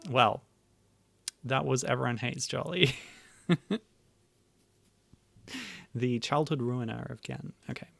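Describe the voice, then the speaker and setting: Gravelly-voiced male streamer. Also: mid-range voice, takes it slowly, pauses often, faint music behind. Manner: relaxed, laughs often, thinks aloud. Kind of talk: casual livestream chat.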